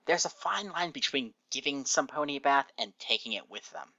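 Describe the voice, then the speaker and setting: A man voicing a cranky, tomboyish female pegasus pony in a fan fiction reading, gruff and defensive. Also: medium pitch, expressive, normal speed, sharp tone, no room sound, highs cut off, pitched above the performer's own voice, full character voice. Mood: grumpy.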